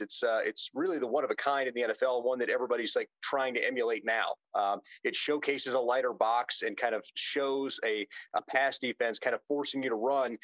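A man's voice: medium pitch, fairly bright tone, no echo, highs cut off. A man from the United States talks as an interview guest, cracking jokes and circling back with plenty of "uh"s and restarts. His voice sits in a middle register and comes through dry and close, with no room sound. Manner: chatty, joking, many fillers and restarts. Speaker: guest, football insider and radio co-host. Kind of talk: casual interview talk.

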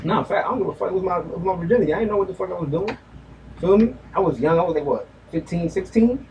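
A man's voice: sits high, very fast, slight background noise. A young man telling a story in a hyped, slangy way, swearing freely. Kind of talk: casual chat, storytelling. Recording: distant mic with lively crowd behind.

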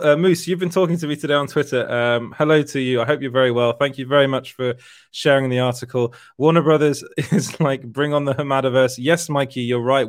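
A man's voice: mid-range voice, no echo. British male host, casual rambler who keeps restarting his sentences, dry close sound. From Britain. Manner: rambling, self-correcting, laughs often. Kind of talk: casual livestream chat.

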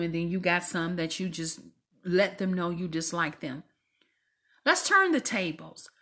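A woman hosts a faith podcast and speaks to her listeners in an exhorting, preachy manner. Her voice sits a little low and sounds husky. She often sinks into soft whispers to press a point home. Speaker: podcast host. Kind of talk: faith-based podcast talk.

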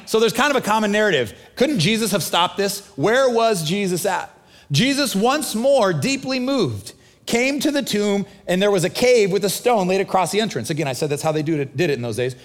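A man preaching a sermon as a pastor, in a casual, conversational way, acting out the dialogue of the story. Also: sits high.

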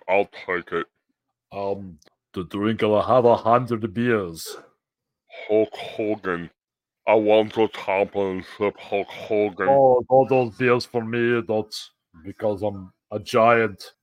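A man putting on a comic impression of a drunken giant wrestler, slow, rambling and boastful. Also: on the low side, dry recording, low-quality recording. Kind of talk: comedic impression.

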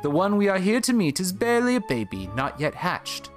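A man voicing Palisade, a gentle, motherly guardian in a game, speaking in a raised, sweet, soothing voice. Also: high-pitched, very animated, a little fast, soft background music, voice pushed up.

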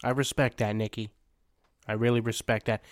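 Man, podcast host, casual, playful, mid pitch, dry room. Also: level tone, normal speed, no echo.

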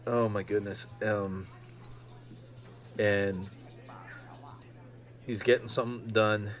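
A man around fifty hosting a solo podcast, rambling excitedly with lots of ums. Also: on the low side, slow pace. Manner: excitable, rambling fan talk with many ums. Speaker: podcast host. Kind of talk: casual solo podcast monologue.

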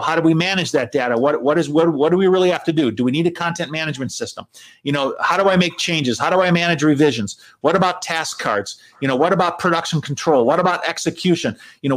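A man's voice: a little high, rough recording. A man co-hosting a live business broadcast, talking casually to viewers with many fillers and repeated words. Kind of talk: casual conversational talk to viewers.

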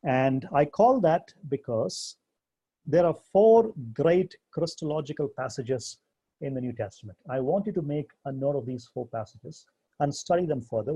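A man teaching a Bible class, speaking deliberately and with emphasis, slowing down to quote scripture. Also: fairly high pitch, dark tone, breathy edge. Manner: deliberate, emphatic, slows down when quoting scripture. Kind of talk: theology lecture to a class.

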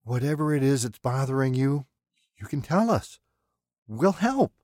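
A man's voice: mid-range voice, sing-song, a little slow, darkish tone, no room sound, clean studio sound, pitched above the performer's own voice. A man voicing a frightened captive woman in an audiobook, speaking in a tense, coaxing way. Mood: pleading. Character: frightened but pleading bound woman.

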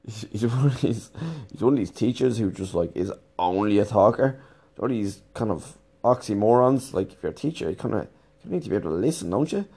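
A man's voice: fairly low pitch, expressive, fairly quick, warm tone, slightly rough. A man telling a rambling, casual anecdote, swearing freely as he goes. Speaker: teacher and storyteller.

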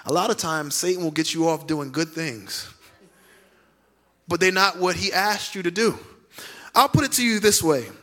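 A man's voice: high-pitched, animated, normal speed, long pauses, pushed and bright. A male pastor preaching a sermon emphatically, repeating key lines and acting out quoted voices.

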